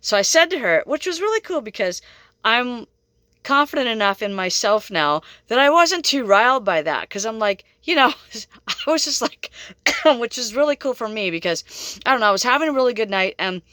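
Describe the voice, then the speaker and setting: A woman's voice: on the high side, sing-song, normal speed, bright, forceful tone, no room sound. A middle-aged woman psychic telling a story in a chatty, rambling way, laughing often. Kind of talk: casual storytelling monologue.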